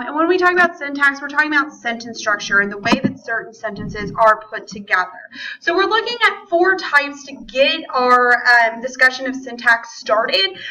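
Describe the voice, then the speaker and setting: A woman, a high school English teacher, explaining grammar in a chatty lecture with frequent fillers. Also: bright, forceful tone, poor audio. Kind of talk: recorded classroom lecture.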